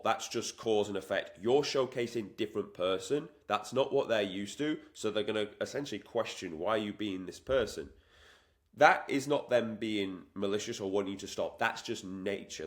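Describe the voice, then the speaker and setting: A man coaching on fitness in an emphatic, repetitive way, acting out the voices in people's heads. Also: fairly low pitch. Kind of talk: motivational talk to camera.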